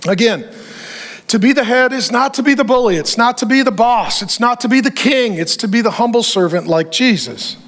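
A middle-aged male pastor preaching with a high, ringing voice. He drives his points home with punchy repeated phrases and slips in dry humor. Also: lively intonation, moderate pace, a bit bright. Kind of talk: sermon.

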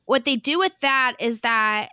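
Young woman, bubbly chatty podcast co-host, bright clear tone, dry close mic. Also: fairly high pitch, a little slow, no room sound. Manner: chatty, bubbly storytelling full of fillers. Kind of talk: casual chat.

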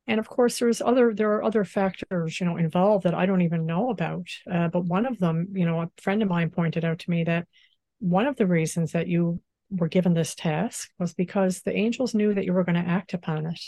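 A woman speaking as a spiritual teacher in an interview, gentle and unhurried, often saying "you know". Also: lowish voice, dry recording. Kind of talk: calm spiritual interview talk.

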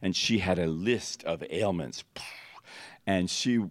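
A man teaching at a ministry school, telling stories and laughing often, jumping up in pitch as he acts out what people said. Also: slow pace, no echo. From United States. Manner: storytelling, laughs often, acts out dialogue with big jumps in pitch. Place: church teaching hall.

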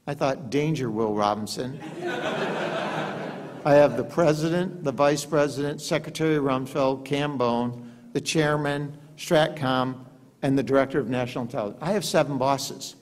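A man's voice: medium pitch, normal speed, slight background noise. An older man giving a keynote speech at a gala in a hotel ballroom, telling anecdotes with self-deprecating humor. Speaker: keynote speaker. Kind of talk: after-dinner speech with anecdotes. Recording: echoey hall.

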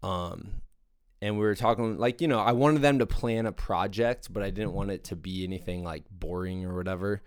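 Young male podcast host, deep smooth voice, dry close sound, eager casual rambler. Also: normal speed, no room sound. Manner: enthusiastic, rambling with fillers. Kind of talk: casual monologue.

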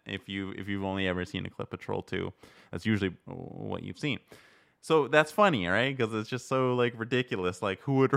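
A man's voice: lowish voice, fairly bright tone, clean tone. A man telling a story in casual chat, rambling with many fillers and acting out quotes. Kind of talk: casual podcast chat about films.

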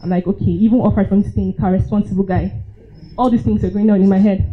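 A woman's voice: medium pitch, steady tone, very fast, faint music behind. A young woman with a Nigerian accent telling a personal story at a live event, laughing often and acting out her own reactions. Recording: dull lo-fi live recording.

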